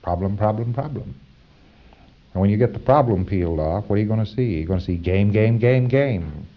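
A man giving an informal lecture to trainees, halting with fillers and repeating words for stress. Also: on the low side, lively intonation, lo-fi sound.

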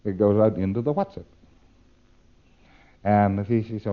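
A man's voice: on the low side, moderate pace, pauses often, dull audio. A man giving a demonstrative lecture, acting out exchanges with playful repetition.

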